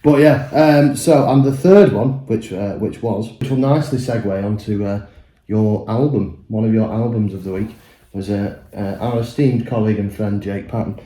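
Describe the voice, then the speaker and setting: A man's voice: fairly low pitch, moderate pace, dark tone. A man co-hosting a podcast, chatting casually in a pub, swearing, laughing and rambling with fillers. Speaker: podcast co-host. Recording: roomy pub recording.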